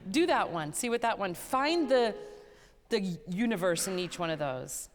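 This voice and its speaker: A woman teaching a vocal master class, animated and playful, who often sings short phrases to show what she means. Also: medium pitch, a little slow, a little hiss or hum. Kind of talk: coaching a singer in a master class. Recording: hall reverb, live concert hall.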